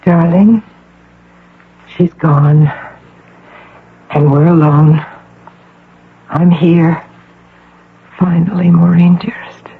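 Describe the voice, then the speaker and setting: A woman playing an intense, possessive woman posing as a devoted mother in a 1980 radio drama, speaking softly, coaxing and insistent. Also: on the low side, lively intonation, unhurried. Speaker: visitor claiming to be the patient's mother. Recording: narrow phone-like radio broadcast with faint hum.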